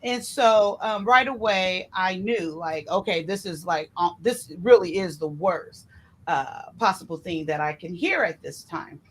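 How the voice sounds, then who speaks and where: A woman casually telling a personal story in an animated way, acting out what others said to her. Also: a little slow, slightly rough. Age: adult. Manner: animated, re-enacts others' words with shifting pitch.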